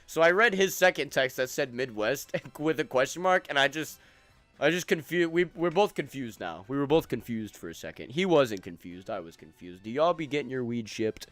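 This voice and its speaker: A man's voice: medium pitch, lively intonation, moderate pace, a bit bright, dry recording, soft background music. A young man streaming a game, chatting loosely with friends and chat in profane, rambling banter. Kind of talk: casual gaming stream chat.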